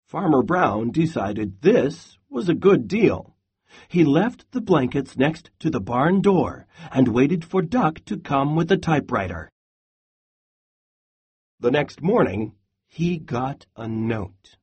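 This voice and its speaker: A man reading a children's picture book aloud as a lesson in an expressive, sing-song way, stopping for comprehension questions. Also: fairly high pitch, slow, breathy edge.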